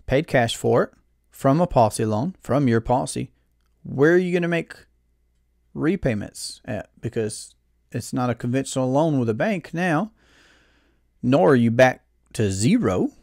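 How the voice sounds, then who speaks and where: A man's voice: medium pitch, vocal fry, darkish tone, no echo, clean studio sound. A man hosting his own channel, giving an earnest, persuasive talk about money and asking his audience rhetorical questions. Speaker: channel host and financial speaker. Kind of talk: explanatory talk to camera.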